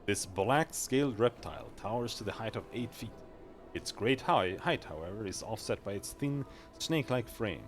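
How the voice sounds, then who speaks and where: A male streamer reading video game text aloud, quick and stumbling over words now and then. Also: on the low side, lively intonation, faint music behind.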